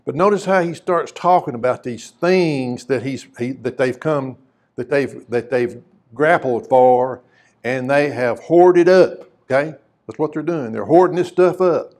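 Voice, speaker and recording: A man's voice: medium pitch, a little slow, darkish tone. A man preaching a sermon, mixing scripture reading with folksy, conversational questions to the congregation. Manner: reads scripture aloud in old-fashioned wording.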